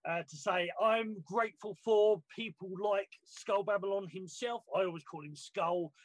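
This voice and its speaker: A British man with a notably high voice speaks as a panel guest, sharing his spiritual practice in an earnest, halting way full of "uh"s. The sound is dry and close, as if over a video call. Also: dry recording, poor audio. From Britain.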